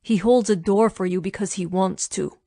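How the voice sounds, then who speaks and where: A woman reading a commanding billionaire man in his thirties, protective and insistent, his lines pitched low and steady in a dry, close audiobook recording. He speaks calmly and firmly. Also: normal speed, no echo, close to an everyday voice.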